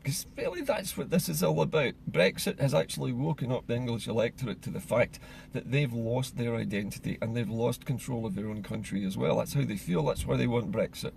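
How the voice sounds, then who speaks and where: A man from Scotland giving an earnest, measured solo monologue as a political commentator. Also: medium pitch, vocal fry, a little mellow, a little hiss or hum.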